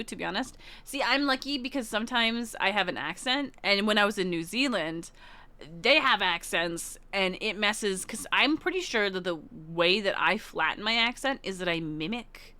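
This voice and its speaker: A woman's voice: mid-range voice, pushed and bright, clean tone, dry recording. A woman from Canada telling a rambling travel story as a streamer, giggling often and restarting her sentences. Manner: giggly, laughs often while talking; rambling, with many restarts and asides. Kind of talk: casual storytelling.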